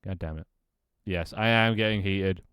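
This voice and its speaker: A live streamer from the United Kingdom chats casually from a small home room, often grumbling, swearing and laughing. His voice is low, clean and fairly bright, at a moderate pace, with no room sound.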